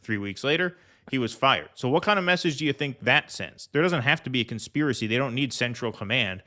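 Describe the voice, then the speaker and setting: Man, political commentary co-host, blunt and combative, bright forceful tone. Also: medium pitch, lively intonation, a little fast.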